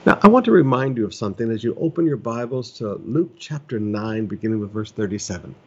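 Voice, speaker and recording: A man's voice: fairly low pitch, animated, quick pace, slightly rough, muffled recording. A middle-aged male pastor preaching earnestly in a conversational way, pressing points with repetition. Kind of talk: preaching a sermon from home.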